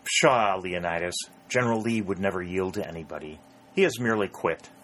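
A man's voice: low voice, fairly quick, fairly bright tone, a little hiss or hum, low-quality recording. A man reading the lines of a proud, grandiloquent Confederate officer in a storybook, with lofty, ornate speech. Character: proud Confederate lieutenant colonel, grandiloquent and stubborn.

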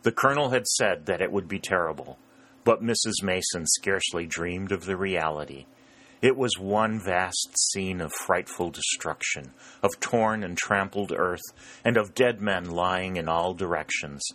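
A male audiobook narrator with a very low voice and a crisp, forceful edge. He reads in a steady, measured way. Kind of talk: scripted narration.

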